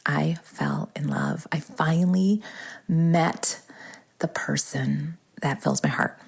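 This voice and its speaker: A woman in her forties from the hosting a podcast in casual solo chat, bubbly and chatty, often dropping into breathy asides. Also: low-pitched, slow. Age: 40s. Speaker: podcast host.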